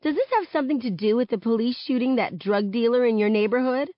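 Woman voicing brash teen girl, sharp, exasperated, high lively voice, dull dry lo-fi recording. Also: quick pace, no room sound, close to an everyday voice. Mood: indignant. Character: teenage girl teammate, brash and defensive.

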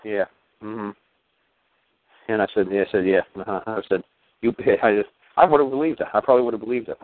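A man tells a story in a loose, rambling monologue, swearing freely and stumbling through many fillers and restarts. His voice sits somewhat low, and it comes through a thin, tinny line that sounds like a phone call. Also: animated, very fast, dry recording. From New York. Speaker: podcast host.

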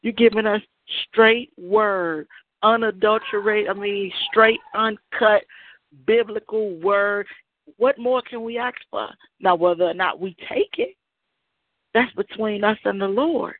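A woman's voice: medium pitch, unhurried, dry recording. A woman calling in to a church show, speaking emphatically and preachily to encourage the pastor. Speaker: caller. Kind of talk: encouraging call-in testimony. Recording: dry, tinny phone line.

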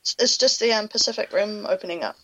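A woman from New Zealand with a Kiwi accent, a podcast guest chatting in a relaxed, slightly hesitant way. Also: medium pitch, quick pace, lo-fi sound. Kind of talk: casual chat.

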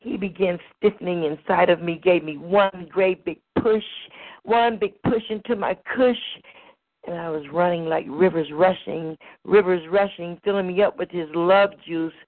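A woman performing spoken word poetry at an open mic with a slow, rhythmic, rhyming delivery. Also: lowish voice, no echo. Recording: tinny phone-like recording.

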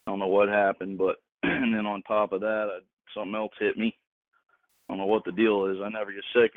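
A man hosting a Bible teaching segment on a call-in show, talking in a relaxed, rambling way with jokes. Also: low voice, dry recording. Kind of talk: casual talk, teaching. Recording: tinny phone-line sound, dry.

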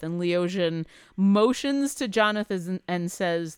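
A woman's voice: lowish voice, moderate pace, few pauses, smooth, dry recording, clean studio sound. A woman narrating as game master in a chatty, descriptive way.

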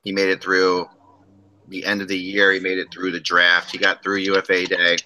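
Male podcast host, middle-aged, low and bright voice, loose joking delivery with restarts. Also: completely flat delivery, normal speed, rough recording. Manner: rambling, restarts often, joking. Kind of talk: casual hockey podcast chat.

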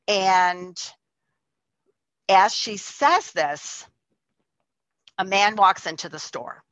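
A woman's voice: mid-range voice, extremely slow, a bit bright, no echo, dull audio. A woman telling a personal testimony in a chatty way, full of likes and restarts. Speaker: storyteller.

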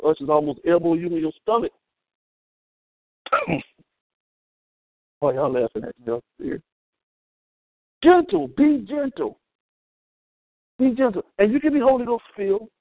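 Lively, high-pitched male preacher on a thin line. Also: moderate pace, pauses often, dry recording. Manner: animated, humorous preaching with call-outs to the congregation. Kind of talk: sermon. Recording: thin phone-like sound, dry.

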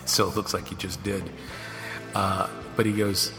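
A man's voice: sits low, unhurried. A man hosting his own podcast, telling stories casually and acting out what other people said. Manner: animated, acts out quoted dialogue. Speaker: podcast host. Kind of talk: casual storytelling monologue. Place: home office studio. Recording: long reverb with music behind.

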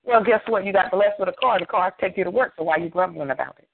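A pastor preaches his sermon in a somewhat high male voice, driving points home through repetition and call-and-response. The sound is dry with no room echo, and it comes through narrow and tinny like a phone line. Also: fast, creaky. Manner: emphatic preaching with repeated phrases and call-and-response.

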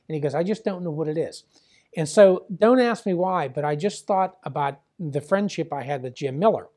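A man's voice: fairly high pitch, fairly quick, darkish tone. An older man from the Pittsburgh area, a former wrestling promoter, telling a long family story in an interview and constantly repeating "I says" and "he goes".

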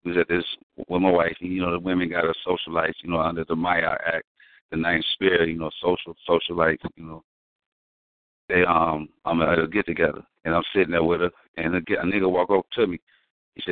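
A man's voice: low voice, little pitch movement, a little fast, no room sound. A man talking casually in slangy speech, telling stories with emphasis. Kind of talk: casual conversation. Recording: tinny phone-like audio.

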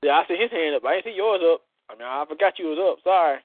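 Talking fast and animated in a fairly high voice, a man runs a call-in internet radio chat show full of bawdy jokes and frequent laughter. It's phone-line audio with faint hiss and no room sound.

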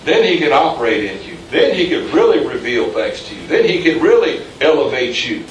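A man's voice: on the high side, very animated, fairly quick, highs cut off. A pastor in mid-sermon, talking casually and then building to emphatic peaks, throwing questions out to the pews. He is picked up from some distance in an echoey room, with a faint hum of ambience behind him. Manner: conversational, rising to emphatic peaks, quizzing the congregation.

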